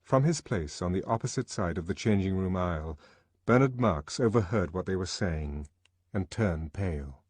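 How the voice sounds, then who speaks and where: A man reading an audiobook aloud with an expressive, dramatic delivery, recorded close and dry. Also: sits low, normal speed, breathy edge, no room sound. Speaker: audiobook narrator.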